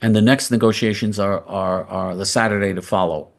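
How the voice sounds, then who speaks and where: Fairly quick and steady in tone, this man with a voice on the low side delivers a political commentary monologue. He's combative and blunt, doubling up phrases for stress.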